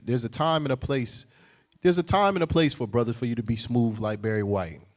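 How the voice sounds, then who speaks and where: Joking male co-teacher at mid pitch. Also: a little fast. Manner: joking, conversational, playing to the room. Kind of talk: church teaching to a congregation.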